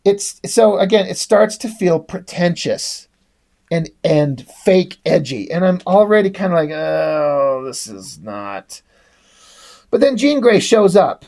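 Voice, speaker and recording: A man's voice: high voice, expressive, measured pace, gravelly, a little mellow. A man giving a casual, rambling comic book review in a sarcastic tone, swearing often.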